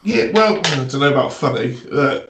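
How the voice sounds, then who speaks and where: A man's voice: a little high, lively intonation, normal speed, noisy background. Hesitant man in an echoey room. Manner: hesitant, many fillers. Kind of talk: casual chat.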